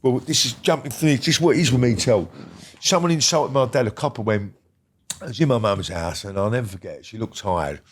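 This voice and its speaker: Telling stories of his criminal past, a British guest rambles bluntly and swears a lot, frequently checking whether the listener is keeping up. His medium-pitched voice is slightly rough and fairly quick, with lively intonation.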